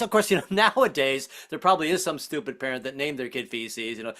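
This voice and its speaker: A man performing a stand-up comedy set, animated and self-deprecating, slipping in and out of character voices. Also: a little high, fairly quick. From Southern United States family. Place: online virtual comedy show.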